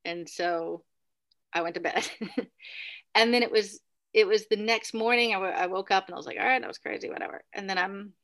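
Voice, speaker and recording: A podcast guest tells a casual, rambling story about a spooky hotel stay, talking fairly quickly and leaning heavily on "like" and "right?". Her bright, clear voice sits at a middling pitch, and she stays animated throughout, leaping into sudden high bursts whenever she acts out a cry or a quote.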